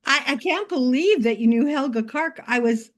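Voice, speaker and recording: A woman's voice: sits high, animated, normal speed. A woman hosting an interview who keeps the talk going with eager, brief interjections. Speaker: host. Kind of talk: casual interview chat.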